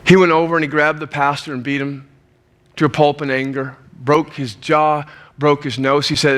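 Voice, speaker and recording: Bright-voiced preacher telling a story. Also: male voice, fairly high pitch, normal speed. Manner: lively storyteller who acts out the scenes. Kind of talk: sermon storytelling.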